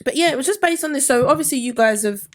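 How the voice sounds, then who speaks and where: A woman's voice: high voice, expressive, fast talker. Chatty woman podcast co-host. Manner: chatty, laughs often, stumbles over words. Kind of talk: casual chat.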